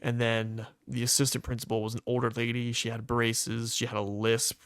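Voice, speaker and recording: Speaking at a normal speed, this young man's voice is medium in pitch, monotone, fairly bright and smooth, with no echo. He co-hosts a podcast, chatting casually and rambling through stories loaded with fillers.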